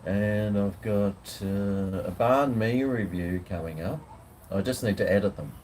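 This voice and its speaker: Slow, low-voiced Australian man chatting. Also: a little mellow, a little hiss or hum. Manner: rambling, laid-back, swears casually. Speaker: food vlogger. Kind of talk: casual live chat. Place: outdoors on a home veranda.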